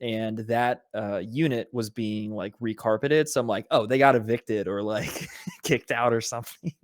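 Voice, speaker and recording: A man's voice: mid-range voice, steady tone, normal speed, dry recording, studio quality. A man co-hosting a casual podcast over a video call, rambling through updates, laughing and swearing freely. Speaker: podcast co-host. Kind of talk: casual chat.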